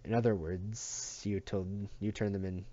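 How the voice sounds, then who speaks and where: A man voicing a defiant teenage boy who speaks flatly and coldly. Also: measured pace, muffled recording. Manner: flat, cold and low.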